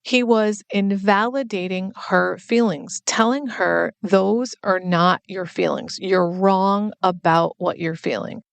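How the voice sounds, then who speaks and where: A woman's voice: medium pitch, slow pace, creaky, hardly any pauses. A woman hosting a podcast as a recovery coach, speaking in an earnest, explanatory personal monologue.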